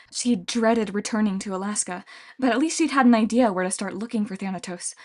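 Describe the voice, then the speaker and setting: A woman's voice: medium pitch, fairly quick. Woman reading a fantasy audiobook. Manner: steady storytelling. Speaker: audiobook narrator. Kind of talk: audiobook narration.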